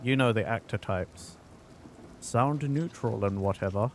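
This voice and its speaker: A man's voice: fairly low pitch, measured pace, a little mellow, slight background noise. A man from London with a mild, mixed British accent, chatting casually and swearing while streaming a game. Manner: chatty, swears often, rambling. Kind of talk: casual gaming commentary.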